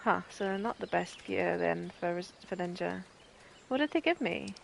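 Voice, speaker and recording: A woman's voice: fairly low pitch, expressive, moderate pace, gravelly, a little hiss or hum. A Northern English woman giving casual, self-amused commentary while playing a game. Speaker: gaming streamer.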